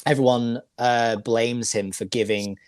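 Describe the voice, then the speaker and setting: A man's voice: mid-range voice, fairly even intonation, a little slow, clear, resonant tone, no room sound. A man chatting casually on a video call, sympathetic and rambling with hesitations. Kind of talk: casual chat.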